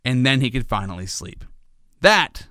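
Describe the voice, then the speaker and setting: Male host, rambling comic monologue, lively bright voice, dry close sound. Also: mid-range voice, normal speed, no room sound. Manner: rambling, animated storytelling. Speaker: host, father of a toddler. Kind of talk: comedic monologue.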